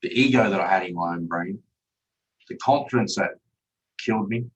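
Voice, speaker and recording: A man's voice: sits low, moderate pace, recorded from a distance, rough recording. A man, a podcast guest telling his own story candidly and bluntly, swearing freely. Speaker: podcast guest, chef and father.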